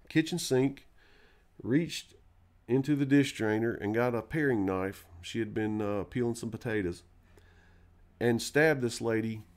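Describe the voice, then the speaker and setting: A man's voice: on the low side, a little mellow. A man hosting a live stream, telling a long personal story in a rambling, profane way, full of fillers and restarts. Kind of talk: casual storytelling.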